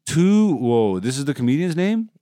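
A man co-hosting a podcast in casual, profane chat, loudly reading a news story aloud and laughing often. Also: fairly high pitch, very animated, normal speed, dry recording, studio quality. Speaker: podcast co-host.

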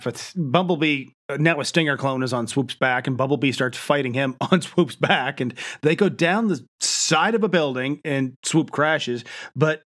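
A man's voice: mid-range voice, moderate pace, fairly bright tone. A man casually summarizing a movie's plot for his co-host in a matter-of-fact way. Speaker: podcast co-host. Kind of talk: casual movie recap chat.

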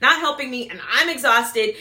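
A woman with a high, bright voice talks straight to the camera, handing out practical advice to fellow moms. She keeps it chatty, tossing in "right?" and mimicking how people talk as she goes. The room around her carries a noticeable echo. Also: moderate pace. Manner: chatty, repeats "right?" and "blah, blah, blah"; acts out quoted voices. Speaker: mom advice vlogger.

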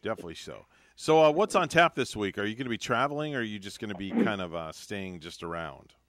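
Low-voiced joking radio host. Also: male voice, expressive, fast, a bit bright. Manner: joking, teasing. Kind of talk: morning radio banter. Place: radio studio.

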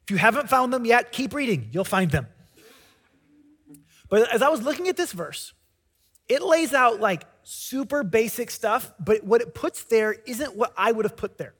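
A man's voice: very high voice, expressive, moderate pace, fairly bright tone, slightly rough, long reverb tail. A male pastor preaching a sermon in a conversational storytelling way, often restarting his sentences.

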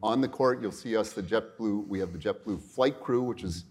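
A man's voice: on the low side, normal speed, a little mellow. A middle-aged man interviewing a guest at a business luncheon, rambling with restarts and asides. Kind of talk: onstage interview.

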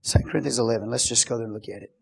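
A pastor preaching a sermon in church, emphatic, often checking that the congregation follows along. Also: male voice, mid-range voice, steady tone, racing, gravelly, slightly rough.

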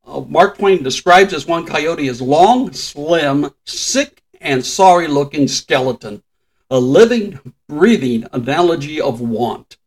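Older male co-host, slightly high voice, relaxed trivia storyteller who chuckles a lot. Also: takes it slowly, husky, low-quality recording. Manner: chatty storyteller, shares trivia, chuckles often. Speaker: podcast co-host. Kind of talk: casual chat.

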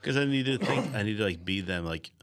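A man's voice: fairly low pitch, lively intonation, a little fast, a little hiss or hum. A man co-hosting a casual podcast, rambling and self-deprecating with lots of hesitant restarts. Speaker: podcast co-host. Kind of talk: casual chat.

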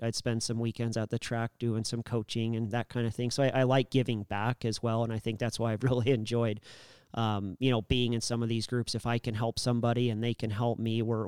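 A man's voice: medium pitch, darkish tone, clean tone, no echo, studio quality. A man guest on a podcast, talking earnestly about his business, with many fillers and restarts. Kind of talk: casual podcast chat.

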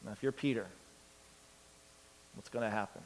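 A man preaching a sermon, telling the story with lively acted-out voices and big swings from loud to quiet. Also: fairly low pitch, normal speed, creaky, in a large hall, a little hiss or hum. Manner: animated storytelling, acts out characters with big swings in loudness. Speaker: pastor.

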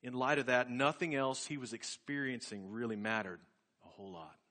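Bright-voiced man preaching a story. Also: medium pitch, moderate pace. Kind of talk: sermon storytelling.

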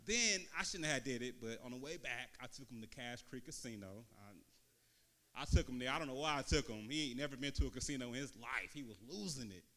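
A man with a Bay Area accent doing a stand-up comedy set on a club stage, telling loose, slangy stories and slipping into quick quoted voices. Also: mid-range voice, expressive, fairly bright tone. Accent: Bay Area Californian. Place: comedy club stage before a live audience.

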